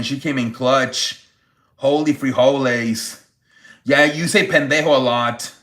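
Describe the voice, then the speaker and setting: A man hosting a casual live-stream sports chat, excitable and profane, reacting loudly to viewer donations. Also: on the high side, reverberant. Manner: excitable, swears, exclaims "holy frijoles" over donations. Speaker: livestream sports show host.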